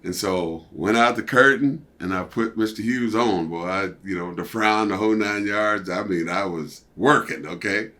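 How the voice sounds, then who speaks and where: An older man, a former wrestler, telling a story as an interview guest in a casual, animated way and acting out what others said. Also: on the low side, moderate pace, few pauses. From United States. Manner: animated, acts out quoted voices.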